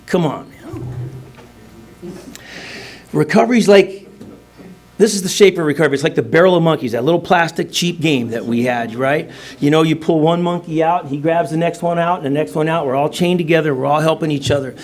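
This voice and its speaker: A middle-aged man shares his recovery story at a meeting. His voice sits a little high for a man, and he rambles through it in a loose, joking way full of casual slang. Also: moderate pace. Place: meeting room.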